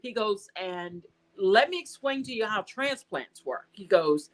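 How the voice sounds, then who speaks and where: An American woman being interviewed, telling a personal story in a casual, animated way and acting out the dialogue she quotes. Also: mid-range voice, unhurried, low-quality recording. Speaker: guest.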